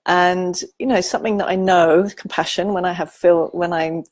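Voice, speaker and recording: A woman's voice: fairly low pitch, fairly even intonation, normal speed, dry recording. A woman psychologist giving a casual spoken lesson to viewers, thinking aloud and speaking emphatically. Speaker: psychologist teaching emotional self-care.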